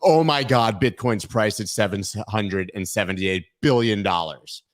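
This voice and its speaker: An unhurried man with a fairly low-pitched voice runs a crypto news livestream, chatting casually to his viewers from his webcam. He plays around, joking and riffing on silly bits.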